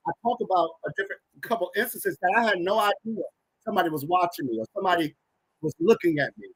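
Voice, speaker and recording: Bright, husky man in his thirties. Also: high-pitched, no room sound, low-quality recording. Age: 30s. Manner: animated, emphatic storyteller. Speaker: podcast guest. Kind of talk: personal storytelling in an interview.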